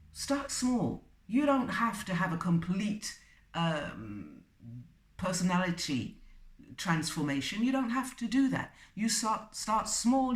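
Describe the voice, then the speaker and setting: A woman with a lowish voice gives self-help advice, stressing her points and repeating them, with fillers in the pauses. She sounds set back from the mic, in a room that echoes. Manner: emphatic, repeats key phrases, pauses with fillers. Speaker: self-help video presenter. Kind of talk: advice talk to camera. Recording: roomy sound from a distance.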